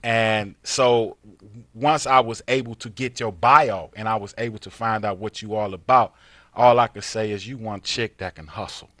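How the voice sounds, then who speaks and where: A man hosting a TV talk show in a studio, telling stories in an animated, slangy way and acting out the scenes. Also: on the low side, moderate pace, no echo. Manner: animated, slangy storyteller who acts out scenes. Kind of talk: casual studio chat. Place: TV station studio.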